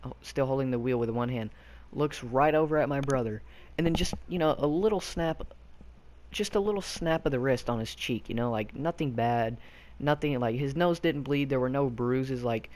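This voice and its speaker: A man's voice: medium pitch, moderate pace, darkish tone, a little hiss or hum. A young man from Arkansas telling a childhood story casually, rambling with lots of fillers and loose slang. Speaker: YouTube storyteller.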